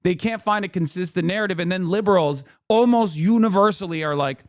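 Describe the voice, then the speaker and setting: Brief: male streamer, fairly high voice, blunt profane ranting, dry close-mic sound. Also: a little fast, few pauses, no echo. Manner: emphatic and profane, lots of fillers and restarts. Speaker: streamer and political commentator. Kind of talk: casual commentary rant.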